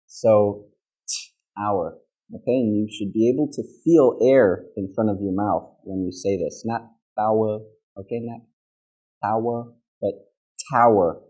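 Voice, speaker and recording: A man's voice: fairly low pitch, moderate pace, few pauses, mellow, slightly rough, poor audio. A man with a Midwestern American accent teaching English pronunciation, modeling sounds and checking in with the class. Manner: patient, checks in with "okay?" constantly; demonstrates sounds by modeling words aloud. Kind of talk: classroom lesson.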